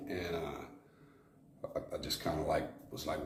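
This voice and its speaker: A man from Arizona with a bass voice speaks in a steady tone at normal speed, leaving long pauses. He frankly tells his life story as a former prison shot caller, rambling with fillers and restarts. Faint noise and echo fill the room.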